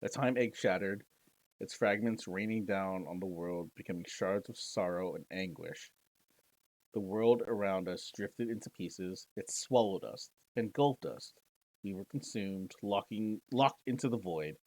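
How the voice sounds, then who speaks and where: A man's voice: lowish voice, unhurried, darkish tone, dry recording, low-quality recording. A man streaming a text-based game, reading the story aloud dramatically with joking asides. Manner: theatrical narration broken by joking asides.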